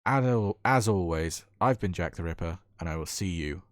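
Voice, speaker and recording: A man's voice: low voice, expressive, moderate pace, no echo, studio quality. A British man giving enthusiastic, chatty commentary over a gameplay replay as a gaming YouTuber.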